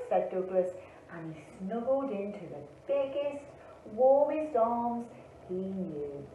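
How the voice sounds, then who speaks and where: A woman, an early years teacher, reading a picture book aloud to children in a slow, expressive storytelling way. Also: medium pitch, a little hiss or hum. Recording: echoey, phone-like, from a distance.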